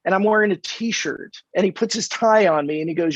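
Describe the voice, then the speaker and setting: The same American from California, a man in his fifties, talks briskly in a high voice with no room sound. As a podcast guest in a casual interview, he tells stories and performs the dialogue energetically over dull, dry remote audio.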